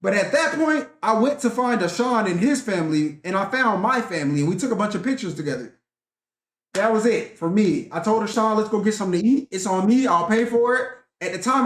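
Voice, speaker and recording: A man's voice: sits high, expressive, normal speed. A young man telling a profane, rambling story in a casual rant vlog, talking animatedly and swearing often. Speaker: vlogger. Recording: echoey room.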